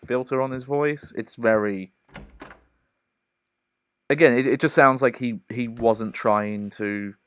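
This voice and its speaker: A man's voice: mid-range voice, steady tone, slow pace, pauses often, smooth. A man giving casual commentary while streaming a horror game, chatty and laughing often, close to the mic.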